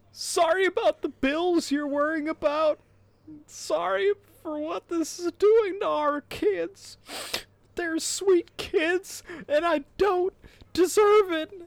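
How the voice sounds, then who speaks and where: A pathetic middle-aged man blubbering through an apology. The voice is pitched way up into a high, wavering wail. He stretches his words out slowly between sobs. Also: creaky, no echo, exaggerated voice. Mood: sobbing. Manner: high, wailing, drawn-out crying voice. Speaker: podcast co-host.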